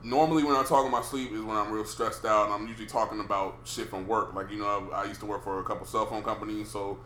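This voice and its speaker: A young man co-hosting a casual chat, animated and profane, getting loud when he retells what people said. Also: on the low side, fast talker, a little hiss or hum. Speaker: podcast co-host. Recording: roomy room with faint ambience.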